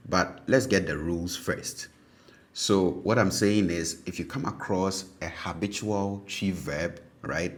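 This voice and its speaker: A man teaching a language lesson, patiently repeating example sentences and checking in with "okay?". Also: sits low.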